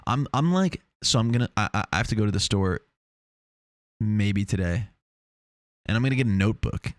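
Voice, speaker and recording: In a small, foam-treated home studio, a young host from Long Island, New York, delivers a casual solo podcast monologue into a lav or shotgun mic. His fairly low voice runs at normal speed as he rambles, swears, gets fired up, and restarts often, with no room sound in the recording.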